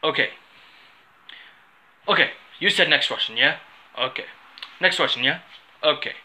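A man playing a stern police officer who questions a suspect slowly and insistently, repeating his questions. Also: on the high side, bright, forceful tone. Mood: pressing.

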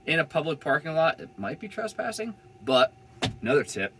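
A man's voice: a little high, very animated, a little fast, fairly bright tone, slight background noise. A young man telling a van-life story in a casual, rambling way, full of fillers and swearing. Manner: rambling, laid-back, swears freely, many "like" fillers.

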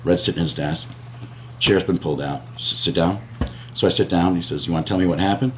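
A man telling an animated personal anecdote as an interview guest, acting out screams and quoted lines. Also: low voice, fairly quick, pauses often, a little hiss or hum. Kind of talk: storytelling anecdote.

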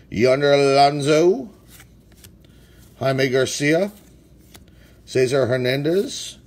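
A man opening packs of baseball cards, casually reading out player names and sometimes stumbling over hard ones. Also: mid-range voice. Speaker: sports card collector opening packs. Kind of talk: casual card-break commentary.

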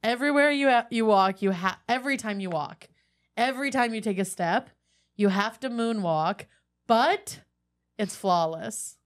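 A woman co-hosting a comedy podcast, quick and giggly as she pitches silly hypotheticals. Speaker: podcast co-host. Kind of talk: casual podcast banter.

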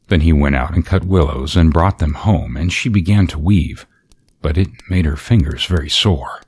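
A man narrating a fairy tale in a gentle, measured way. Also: extremely low pitch, breathy edge. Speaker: storyteller.

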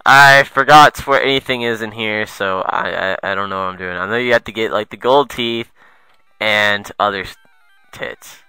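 A young man doing let's play commentary, excitable and foul-mouthed, muttering asides and then yelping at the game. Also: fairly low pitch, normal speed, clear, resonant tone, no echo, low-quality recording. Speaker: gamer.

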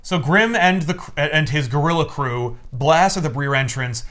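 Dude recapping a comic on a podcast, kinda high voice, really lively, jumps between doing character voices, says like a lot. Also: male voice, moderate pace. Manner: animated storyteller, acts out characters, lots of "like". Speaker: podcast host. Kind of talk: casual comic book recap.

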